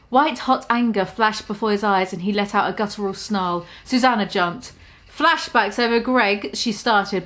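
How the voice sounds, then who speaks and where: A woman's voice: mid-range voice, fairly bright tone. Stumbling, self-mocking woman reading her story. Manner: stumbling, self-deprecating, laughs at her own writing. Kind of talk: casual reading of her own comic story.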